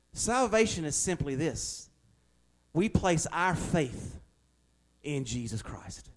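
A man, a pastor preaching a conversational sermon that builds to emphatic, raised passages. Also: on the high side.

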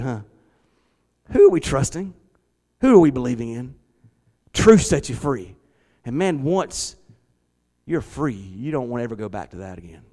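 A middle-aged man, preaching a lively, conversational sermon from a church hall. He repeats his words and talks back to the congregation. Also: a little high. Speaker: pastor. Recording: long church hall reverb.

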